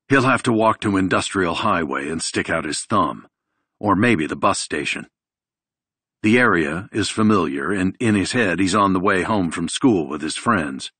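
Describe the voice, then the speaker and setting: Deep, slow-reading male audiobook narrator. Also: a bit bright, husky, dry recording.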